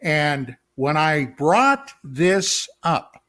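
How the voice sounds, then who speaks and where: A man's voice: fairly high pitch, sing-song, very slow, fairly bright tone. A man co-hosting a talk radio show, telling a spooky story in a dramatic way and adding asides to the listener, with hiccups. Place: radio studio.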